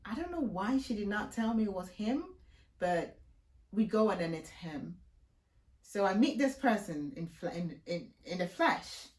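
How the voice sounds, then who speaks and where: Animated woman telling a story in an echoey room. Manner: animated storytelling, high exclamations when outraged. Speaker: vlogger. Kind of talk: casual storytime vlog.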